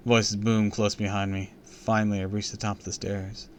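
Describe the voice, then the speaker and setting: Low-voiced man reading spooky stories. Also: normal speed. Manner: expressive, theatrical reading. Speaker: streamer reading aloud.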